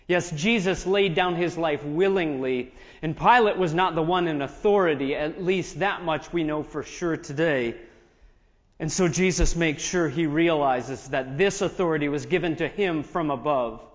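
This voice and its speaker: Pastor preaching in a reverberant church. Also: male voice, a little high, moderate pace. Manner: reads scripture aloud, then explains it in asides. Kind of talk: sermon with scripture reading. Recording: dull audio with long reverb in a large hall.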